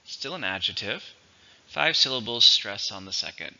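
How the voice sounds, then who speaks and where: A man teaching English vocabulary, going through each word methodically and repeating it slowly for its syllables and stress. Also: on the low side, expressive, vocal fry, pushed and bright, dull audio. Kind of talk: vocabulary lesson.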